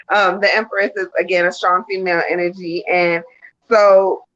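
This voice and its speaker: Woman psychic reading cards, slow and unsure, kinda low voice, muffled stream sound. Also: little pitch movement, a bit bright. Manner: hesitant, many ums. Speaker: psychic reader. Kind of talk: live stream card reading. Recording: dull lo-fi stream audio.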